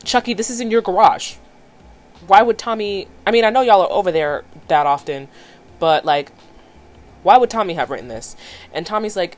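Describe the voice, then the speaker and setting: Woman vlogger, chatty, playful, animated commentary, cartoon recap, mid-pitched voice. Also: normal speed, pauses often.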